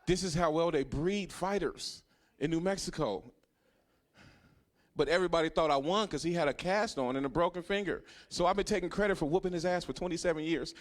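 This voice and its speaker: A man's voice: on the high side, fairly quick. Profane storytelling stand-up comedian man. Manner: storytelling, profane, swings from hushed to loud. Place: comedy club stage.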